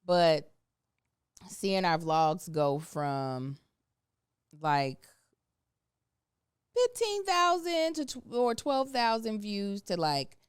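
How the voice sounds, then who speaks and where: A woman co-hosting a podcast, telling stories in a candid, animated way with plenty of slang. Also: mid-range voice, extremely slow, pauses often, clean tone, no echo, studio quality. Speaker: podcast co-host. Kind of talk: casual podcast chat. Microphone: studio microphone.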